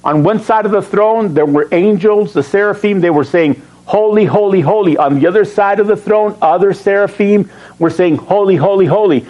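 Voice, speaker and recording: Preaching to his congregation, a pastor with a voice somewhat higher than most men's speaks in an animated, conversational way at a normal speed. He reads scripture aloud and asks the listeners questions before answering them himself, all on dull-sounding audio.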